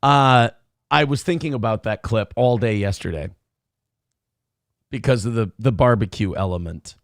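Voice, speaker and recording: A man's voice: fairly low pitch, normal speed, dry recording, studio quality. A man hosting a casual morning talk show, rambling and self-deprecating as he reads viewer messages aloud. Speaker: show host.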